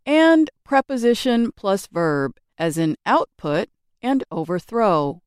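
A woman reading a scripted English grammar lesson with slow, careful, clearly enunciated delivery. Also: medium pitch, sing-song, a little mellow, dry recording, clean studio sound. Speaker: English teacher.

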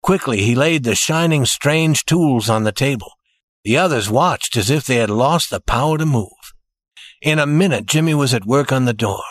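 Guy reading a story out loud, bouncy pitch, dry close mic. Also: expressive, normal speed, dry recording. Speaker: narrator. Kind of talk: scripted story narration.

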